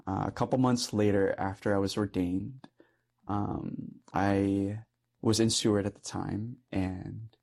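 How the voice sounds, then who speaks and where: A man's voice: on the low side, steady tone, measured pace, gravelly, a little mellow. A young man, a Catholic priest, telling a personal story in earnest conversation and laughing often. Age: young adult.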